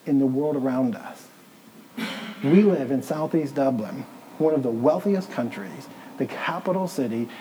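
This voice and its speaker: A man preaching with steady conviction, hammering home each point by repeating it. His voice is mellow and dark, now and then sinking to a hush for emphasis. A faint hum of room ambience sits behind him. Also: mid-range voice, rough recording. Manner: emphatic preaching, repeats points, drops to near-whisper for stress. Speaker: pastor. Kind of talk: sermon. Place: church in Southeast Dublin.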